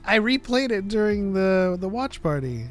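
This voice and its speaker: A man with a slightly higher voice chatting loosely as a podcast co-host. He jokes a lot and drifts into playful silly voices, with faint music running underneath. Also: moderate pace. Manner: animated, jokey, acts out lines in silly voices. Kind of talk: casual chat.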